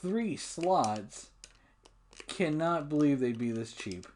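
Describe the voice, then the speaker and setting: A man's voice: fairly high pitch, slow, a little hiss or hum. Swearing man narrating his gameplay. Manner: relaxed, rambling, swears often, laughs at himself. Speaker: let's play gamer. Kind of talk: casual gameplay commentary.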